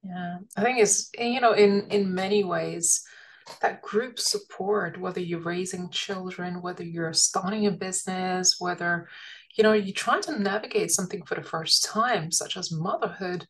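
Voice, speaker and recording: A woman's voice: lowish voice, normal speed, low-quality recording. A woman hosting an interview podcast, asking thoughtful questions and reflecting on her own experience. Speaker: podcast host.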